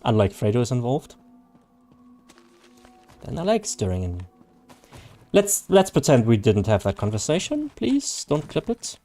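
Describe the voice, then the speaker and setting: Brief: male streamer, mid-pitched voice, loose joking chatter with frequent laughs, faint music underneath. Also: wildly swooping pitch, a little slow, pauses often, mellow. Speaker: game streamer. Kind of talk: casual live-stream chat, reading chat.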